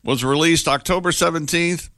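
A man's voice: fairly high pitch, moderate pace, bright, forceful tone, no echo. A man co-hosting a radio comedy show, making dry, wry remarks. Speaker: radio co-host. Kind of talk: radio banter.

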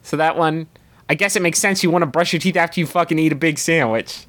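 A man's voice: on the high side, quick pace, fairly bright tone. A man co-hosting a comedy podcast, reading out a listener's question with wry asides and mock outrage. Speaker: podcast co-host. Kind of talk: comedic casual chat.

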